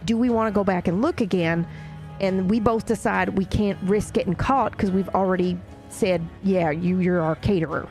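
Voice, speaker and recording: A woman's voice: medium pitch, moderate pace, darkish tone, soft background music. A woman recapping events in character during a roleplay session, rambling and swearing casually as she tells the story.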